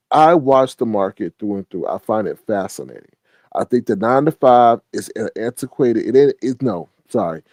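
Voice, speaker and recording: A man rambles through a casual monologue, swearing freely and breaking off mid-sentence. His voice is dark and mellow at a middle pitch. It is recorded close and dry, with no room sound. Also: no room sound. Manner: rambling, profane, restarts himself.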